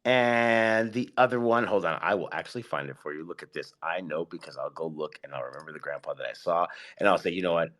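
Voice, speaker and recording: A man hosting a casual live audio chat, hyped and excitable, giving slangy shout-outs to his listeners. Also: deep voice, fast, hardly any pauses. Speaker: host of an online audio space.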